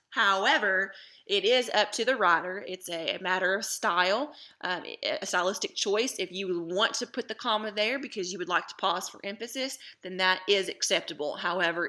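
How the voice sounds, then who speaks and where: A woman teacher explaining a grammar lesson, slow and patient, stressing the key terms. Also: medium pitch, sharp tone.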